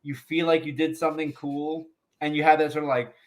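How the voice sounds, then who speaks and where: A man's voice: a little high, little pitch movement, a little fast. A man, a comedian guest on a podcast interview, telling a long profane anecdote with frequent laughs.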